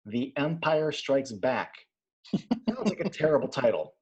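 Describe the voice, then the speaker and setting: A man co-hosting a casual movie discussion, animated and prone to side stories. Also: mid-range voice, unhurried. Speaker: podcast co-host.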